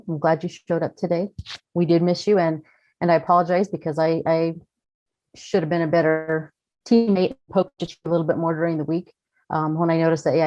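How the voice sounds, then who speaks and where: Low-voiced woman on a call, sincere and a bit hesitant, dry dull sound. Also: mellow, dry recording. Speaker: cast member. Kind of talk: casual group chat.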